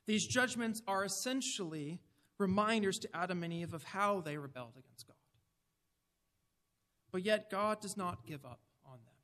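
A man's voice: high-pitched, lively intonation, moderate pace, pushed and bright, big-room sound. A man preaching a sermon in an earnest, emphatic way, putting direct questions to his listeners.

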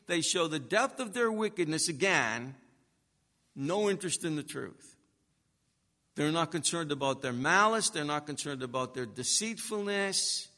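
A man preaches an expository sermon in a bright, forceful, fairly high voice. He speaks emphatically and builds to hard-driving peaks. His words ring out with a long reverb, as in a large hall.

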